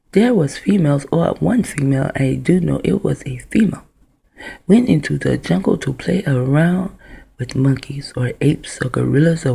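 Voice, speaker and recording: A woman's voice: deep voice, vocal fry, dark tone, slightly rough. A woman talking into her own camera in a rambling, profane vlog monologue that drifts from one idea to the next. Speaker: vlogger.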